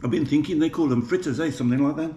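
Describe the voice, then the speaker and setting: A man's voice: on the high side, rapid-fire, dark tone, lo-fi sound. A man with a Birmingham accent chatting to viewers while cooking at home, joking at his own expense. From Birmingham, England. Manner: chatty, self-mocking, talks to viewers. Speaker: home cook vlogger. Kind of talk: casual cooking vlog. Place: home kitchen. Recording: echoey kitchen with faint clatter.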